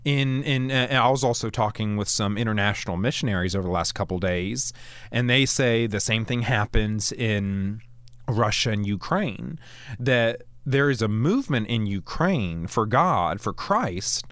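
An animated man hosts a Christian talk show, his voice lively and expressive and rising high when he voices others. He talks in a loose, conversational way, often restarting his sentences. The sound is dry and close. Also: unhurried, no echo. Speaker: podcast host. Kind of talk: casual Christian commentary.

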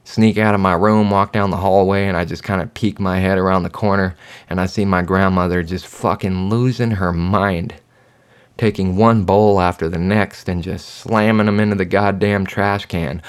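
A man with a very low, deep voice talks through his own story in a loose, rambling way. He swears constantly and speaks bluntly. It sounds like a candid solo podcast monologue. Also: flat delivery, normal speed, clean tone. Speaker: podcast host.

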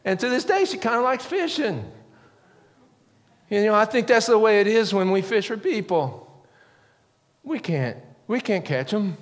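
A middle-aged man preaching a sermon, telling stories in an animated way and acting out loud quoted yells. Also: a little slow, pauses often, long reverb tail. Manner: animated, acts out quotes with sudden high yells. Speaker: pastor. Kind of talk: sermon storytelling.

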